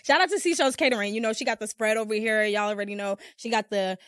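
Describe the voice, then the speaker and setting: A young woman hosts a podcast, telling rambling, chatty stories full of "like" to a small live audience. Her mid-range voice moves at a quick pace and is clear, resonant, and fairly bright. The studio-quality audio has no echo.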